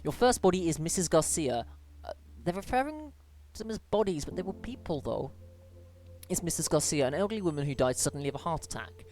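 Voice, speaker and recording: A British gamer casually commenting on a game and reading on-screen emails aloud, with chatty asides, small stumbles and sudden lifts in pitch. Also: animated, brisk, darkish tone. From Britain. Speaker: let's play gamer.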